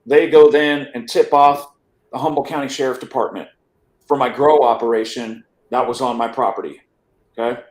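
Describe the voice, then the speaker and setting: A man's voice: mid-range voice, steady tone, moderate pace, roomy sound. A man guest on a podcast, telling his life story in a rambling casual way, often restarting words and checking in with "right?". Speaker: interview guest.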